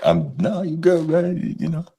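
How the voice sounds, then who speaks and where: A man's voice: a little high, sing-song, moderate pace, gravelly, warm tone, slightly rough. A man appearing as a guest on a sports podcast, teasing the host with incredulous questions. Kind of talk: casual sports chat.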